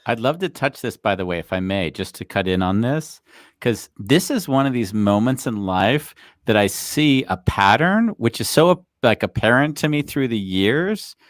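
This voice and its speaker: A man hosting a podcast, chatting quickly and eagerly with many "like"s. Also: medium pitch, lively intonation, no echo, clean studio sound. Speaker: host. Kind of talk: casual chat.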